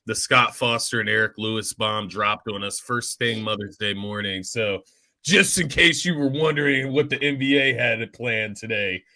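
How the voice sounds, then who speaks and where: A man's voice: medium pitch, bright, forceful tone, dry recording. A man co-hosting a sports talk show, earnest and fan-like, often stammering into his points. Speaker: co-host of a sports podcast.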